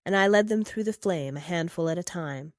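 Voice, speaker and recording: A woman narrating first-person fiction in a steady, measured reading. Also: fairly low pitch, no room sound, studio quality.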